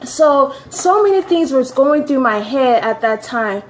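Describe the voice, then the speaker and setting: A woman's voice: high voice, lively intonation, unhurried, a little hiss or hum. Earnest woman giving a tearful testimony. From California. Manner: earnest and emphatic, repeating phrases. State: holding back tears. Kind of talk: personal testimony to camera.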